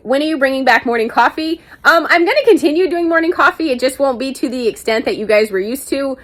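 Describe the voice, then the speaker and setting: A woman's voice: high-pitched, animated, fast talker, fairly bright tone. A young woman vlogger answering viewer questions in a candid, chatty, self-mocking way, swearing casually now and then. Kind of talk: casual Q&A chat to camera.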